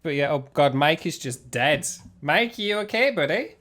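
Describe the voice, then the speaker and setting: A man's voice: on the high side, lively intonation, moderate pace, a bit bright. A man chatting casually on a live stream as he reacts to clips, teasing and giggly.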